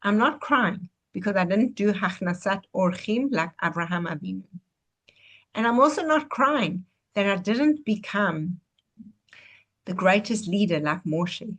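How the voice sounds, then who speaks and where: A woman's voice: medium pitch, expressive, measured pace, fairly bright tone. Humble old rabbi on his deathbed, a woman telling the story. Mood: wistful.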